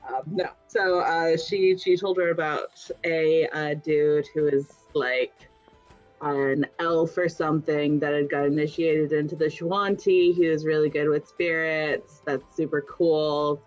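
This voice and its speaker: A woman sums up the last tabletop session in a loose, rambling way, swearing freely and jumping into quick voices for the characters. Her voice sits low and she talks slowly. The podcast audio is dull and lo-fi, with faint music underneath. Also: fairly even intonation. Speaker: player giving a session recap. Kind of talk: casual tabletop game recap.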